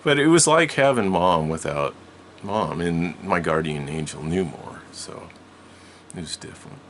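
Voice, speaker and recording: A man's voice: sits low, animated, a little slow, fairly bright tone, a little hiss or hum. An older man telling a long story from his childhood in a rambling way, with many restarts and frequent laughs. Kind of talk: casual storytelling.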